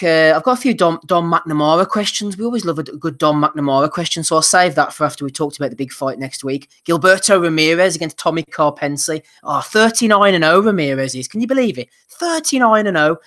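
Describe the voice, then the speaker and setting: A man hosting a live boxing podcast, brisk and teasing, running through fight cards and reading out chat messages. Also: fairly high pitch, a bit bright. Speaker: podcast host.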